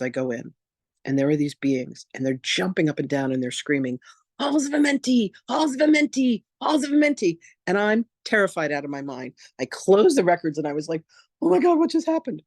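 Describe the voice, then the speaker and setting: A man and reverend teaching in an online masterclass, telling personal stories in a candid, animated, casual way. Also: mid-range voice, dry recording, clean studio sound. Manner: animated, acts out quoted voices, casual and candid.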